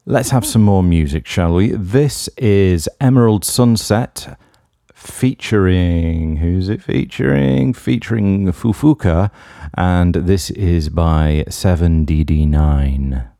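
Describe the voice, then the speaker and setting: A very deep-voiced man hosts a music radio show, talking between tracks. His tone is mellow and dark, and he rambles in a wry, self-deprecating way. The sound is dry and close, with no room around it. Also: slow, no echo. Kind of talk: casual radio DJ links.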